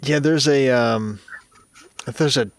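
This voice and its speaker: A man's voice: mid-range voice, slow pace, dry recording. A man co-hosting a podcast, chatting casually, laughing often and stumbling over his words. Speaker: podcast co-host. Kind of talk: casual chat.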